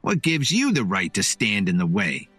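A man voicing an angry relative who argues and yells in a storybook reading. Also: lowish voice, wildly swooping pitch, moderate pace, breathy edge, no echo, soft background music, exaggerated voice. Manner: arguing, yelling. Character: angry resentful male relative.

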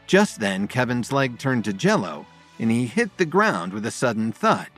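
A man narrating a dramatic story in an expressive storytelling voice. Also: medium pitch, normal speed, hardly any pauses, soft background music.

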